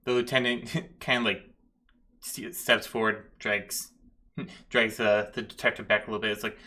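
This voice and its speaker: A man's voice: fairly low pitch, flat delivery, normal speed, sharp tone. A man narrating as game master of a tabletop game, with loose narration full of fillers.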